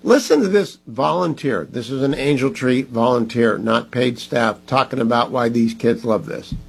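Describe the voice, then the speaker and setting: A man's voice: medium pitch, normal speed, creaky, slightly rough, rough recording. A man hosting a talk radio show, speaking emphatically and urging listeners to donate. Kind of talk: conservative talk radio monologue.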